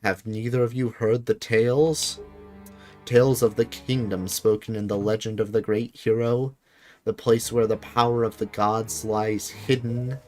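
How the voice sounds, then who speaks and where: A man voicing the King of Red Lions, grave and slow. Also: on the low side, level tone, darkish tone, soft background music, close to an everyday voice. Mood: solemn. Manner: grave, measured storytelling. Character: solemn ancient king speaking through a talking boat.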